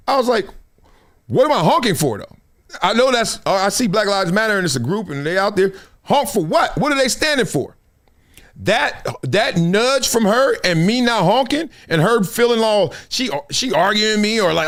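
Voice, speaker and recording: High-pitched guy riffing to camera, bouncy lively voice, acts out the people in his stories, soft music behind. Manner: animated storytelling, acts out quoted voices. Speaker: show host. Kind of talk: casual commentary to camera.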